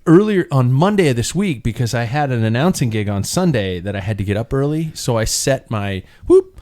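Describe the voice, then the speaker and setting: A man's voice: mid-range voice, a little fast. A middle-aged man hosting a casual podcast chat, telling stories with lots of laughs. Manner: animated storyteller, laughs often, acts out quotes. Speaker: podcast host.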